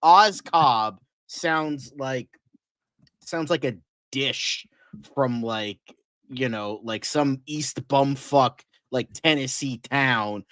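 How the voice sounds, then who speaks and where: A man's voice: medium pitch, drawn-out words, a bit bright, dry recording. A young man co-hosting a casual podcast, ranting with heavy profanity and exasperated sarcasm. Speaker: co-host.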